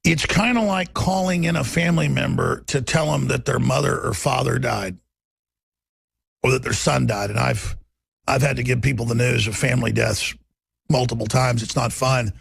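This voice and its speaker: A man's voice: medium pitch, moderate pace, gravelly, a bit bright, slightly rough, no echo. A man hosting a talk radio show, delivering an intense, rambling, emphatic monologue.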